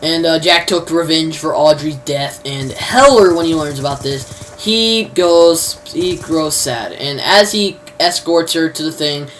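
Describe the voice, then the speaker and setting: This TV episode recap comes from a woman whose voice sits low with a fairly bright tone, a little slow and with few pauses. She rambles, restarts and uses fillers and mild slang, and faint background noise comes through the distant mic.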